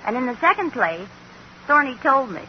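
A wry sitcom housewife who teases her husband with high-voiced, knowing charm. The old radio recording is dull, with a faint hiss. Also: very animated, moderate pace. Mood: teasing. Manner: teasing and knowing. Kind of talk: 1940s radio acting.

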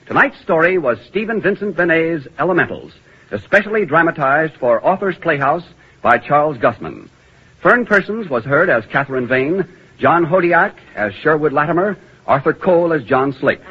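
A man giving the closing credits as an old radio announcer. His voice sits somewhat high with a lively, lilting rise and fall and a slight husk. The sound is muffled, as on an old broadcast. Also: moderate pace. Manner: crisp, formal, declamatory.

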